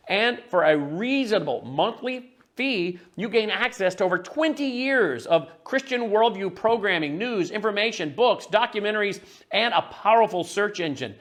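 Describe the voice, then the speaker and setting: A man who founded a broadcast network and writes books, giving an earnest promotional pitch and slowly repeating a web address. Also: lively intonation, a bit bright.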